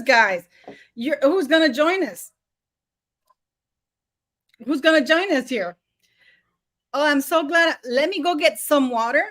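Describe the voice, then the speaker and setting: A woman's voice: high voice, measured pace, long pauses. A woman hosting a casual live stream, rambling with many fillers and restarts and laughing often.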